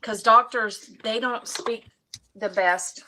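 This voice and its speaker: A woman's voice: on the high side, fairly even intonation, slow pace, sharp tone, slight background noise, low-quality recording. A woman, co-hosting a casual chat and laughing often as she tells stories. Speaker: co-host.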